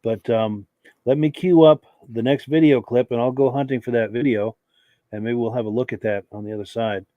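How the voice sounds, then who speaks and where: A man's voice: medium pitch, fairly quick, dry recording, phone-quality sound. A male podcast host with a cold and a fading voice, chatting casually as he reads viewer comments on a live show. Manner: relaxed, chatty, with many fillers. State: losing his voice from a cold, coughing.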